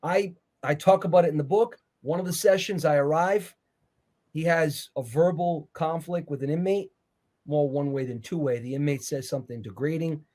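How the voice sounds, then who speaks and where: A man sits for an interview and walks through his points in an earnest, preacherly tone. His voice sits a touch higher than most men's. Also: moderate pace, dark tone. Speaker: interview guest, author. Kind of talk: conversational interview.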